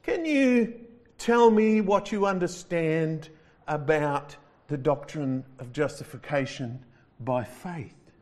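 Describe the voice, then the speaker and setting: A man's voice: a little high, slow, a little mellow. A man putting on a fussy gatekeeper angel. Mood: prim. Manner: prim, quizzing, raised voice. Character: fussy, officious male angel questioning at heaven's gate.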